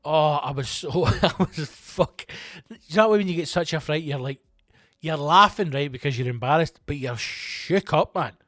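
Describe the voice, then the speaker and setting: A man, a comedian hosting his own show, telling a story in a profane, animated, self-mocking way and acting out the quotes. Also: fairly high pitch, moderate pace, dry recording, clean studio sound. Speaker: comedian host. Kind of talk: comic storytelling monologue.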